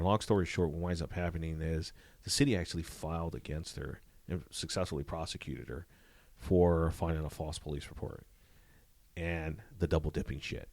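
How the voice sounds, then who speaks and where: A man, a former police detective, telling profane, animated stories from his career in a casual interview. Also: a bass voice, moderate pace, no echo. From Southern California. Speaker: retired police detective, guest.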